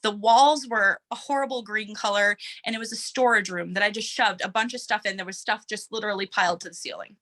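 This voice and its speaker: Earnest, bright-voiced woman team leader. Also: medium pitch, fairly even intonation, fairly quick, hardly any pauses. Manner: emotional and earnest, with restarts and small laughs. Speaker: team leader giving a motivational talk. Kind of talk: heartfelt motivational talk. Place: home office room.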